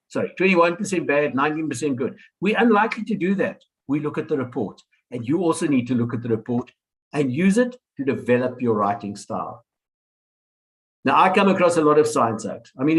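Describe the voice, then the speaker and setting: A man's voice: fairly high pitch, rough recording. A man in his sixties giving an orientation talk to new students in a webinar, emphatic and repeating key advice. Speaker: lecturer. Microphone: webinar computer mic.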